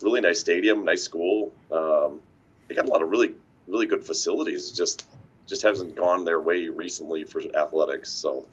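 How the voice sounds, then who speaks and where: A man in casual sports chat, easygoing and rambling, laughing often. His voice sits low with a husky edge. He talks like a coach among friends on a live stream. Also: moderate pace, lo-fi sound. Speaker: coach and podcast co-host.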